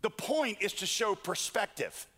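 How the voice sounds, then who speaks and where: A man's voice: high voice, very animated, measured pace, sharp tone. A man preaching a sermon, telling stories with joking asides. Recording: long hall reverb.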